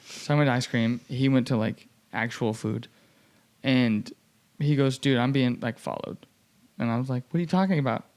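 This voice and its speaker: A man's voice: medium pitch, moderate pace. A young man hosting a podcast, telling a story in casual chat and acting out the people he quotes, with many fillers. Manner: animated, acts out quoted voices, many "like" fillers.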